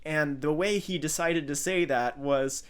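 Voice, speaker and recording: A man's voice: a little high, unhurried, clean tone. Man giving analytical commentary on clips. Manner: explanatory, observational. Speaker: channel host analyzing clips.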